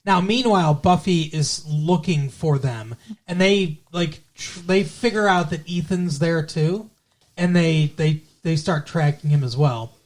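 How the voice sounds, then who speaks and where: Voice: mid-range voice, measured pace. Rambling podcast co-host recapping an episode. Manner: rambling, filler-heavy retelling. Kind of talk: casual recap chat.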